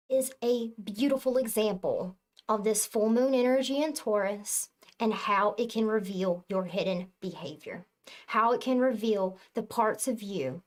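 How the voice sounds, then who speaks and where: A woman giving a casual spiritual talk to her viewers, with a somewhat high voice. She speaks slowly and earnestly, leans on her words for emphasis and swears freely. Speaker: spiritual reader.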